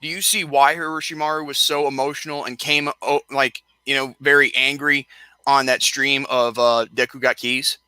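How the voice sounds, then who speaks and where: A man's voice: medium pitch, level tone, normal speed, bright, forceful tone, clean tone, dry recording. A young man hosting a casual live-stream chat, rambling and tripping over his words as he repeats himself while he rants.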